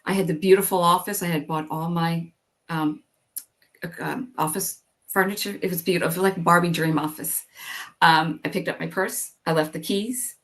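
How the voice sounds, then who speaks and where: Lower-pitched middle-aged woman, chatty. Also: fairly even intonation, moderate pace, a bit bright. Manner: candid, chatty, many "like"s and "you know"s; acts out her own past thoughts in quotes. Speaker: guest. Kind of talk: interview, personal storytelling.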